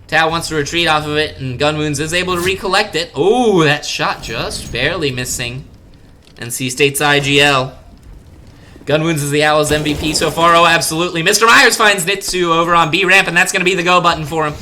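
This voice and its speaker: A young man giving live play-by-play for a college esports match, his high, very bright voice leaping upward at big plays. He jokes between calls and rarely slows down. A faint hiss of noise sits under the recording. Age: young adult. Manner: excitable, jokey, bursts of sudden excitement. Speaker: esports caster.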